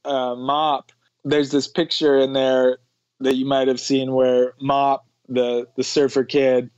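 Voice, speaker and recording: A man's voice: mid-range voice, level tone, slow, a little mellow, clear, resonant tone, no room sound. A man speaking as a podcast guest in a reflective, conversational way, often laughing between thoughts. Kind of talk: conversational interview. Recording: dull, lo-fi dry sound.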